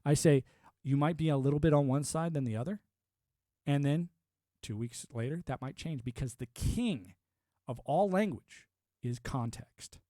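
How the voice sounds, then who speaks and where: A man's voice: fairly high pitch, normal speed, mellow, dry recording, clean studio sound. A man ranting on a live stream, profane and combative, laughing often and talking like a military veteran. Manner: former military and network engineer talk. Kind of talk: casual live-stream rant.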